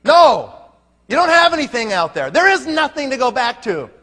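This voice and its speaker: A man's voice: very high-pitched, very animated, moderate pace, bright, forceful tone. A man giving a folksy motivational speech to a live audience, punchy and full of rhetorical questions. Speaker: network marketing leader. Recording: long hall reverb.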